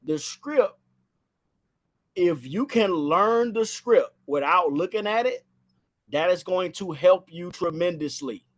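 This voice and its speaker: A man's voice: high voice, lively intonation, takes it slowly. A man giving a casual spoken training on phone sales, talking from inside a house and repeating phrases for emphasis.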